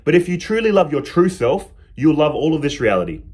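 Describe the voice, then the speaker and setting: A man's voice: fairly high pitch, big pitch swings, fairly quick, a little mellow, breathy edge. A man teaching on spirituality in a reflective, spoken style, retelling a parable and slipping into the characters' quoted lines.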